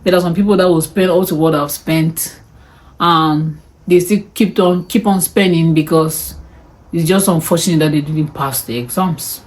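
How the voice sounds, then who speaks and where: A woman's voice: low-pitched, normal speed, a little mellow. A woman vlogger talking casually to camera, chatty and exclaiming as she walks through what she spent. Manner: chatty, exclaims and sighs over the costs. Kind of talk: casual cost breakdown talk to camera.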